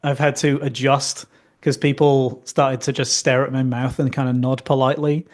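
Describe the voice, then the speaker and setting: A man from Northern England whose accent has drifted toward American, chatting as a guest on a podcast in a relaxed, self-deprecating way. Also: medium pitch, normal speed. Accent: Northern English softened toward American. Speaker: guest, company founder. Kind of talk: casual podcast interview.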